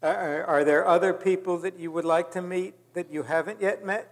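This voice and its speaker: A man's voice: high-pitched, fairly even intonation, fairly quick. A man interviewing a guest on stage, chuckling often and adding quips between questions. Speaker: interviewer, event host. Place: stage in a large hall. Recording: reverberant hall.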